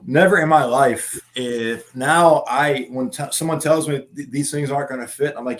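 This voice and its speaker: A man's voice: mid-range voice, measured pace. Laughing, swearing former Marine man. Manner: laughing, profane, animated anecdotes. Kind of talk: casual storytelling chat.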